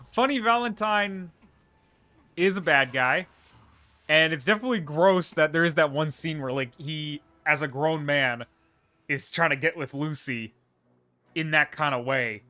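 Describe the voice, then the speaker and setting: A man's voice: fairly high pitch, unhurried, long pauses, bright, forceful tone. A man streaming a video game live, chatting casually, laughing often and answering viewer questions as he plays. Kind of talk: livestream gameplay commentary and chat replies.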